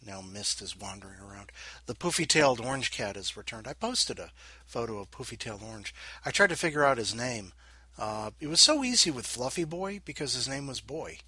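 A man hosting a podcast alone, rambling and poking fun at himself, with a bright, forceful tone and a slightly husky edge. His pitch swings up and down a lot as he chats. He mutters little asides to himself between thoughts. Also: very animated, a little fast. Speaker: podcast host. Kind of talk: casual solo podcast chat.

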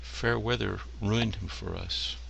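Gravelly, deep-voiced man reading stories. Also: steady tone, slow pace, fairly bright tone, a little hiss or hum, low-quality recording. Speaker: story reader. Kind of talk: reading short stories aloud.

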